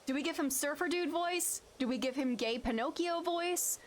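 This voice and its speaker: A woman's voice: sits high, moderate pace, a little hiss or hum. A woman streamer giving live game commentary, joking and giggling, with game music under the voice.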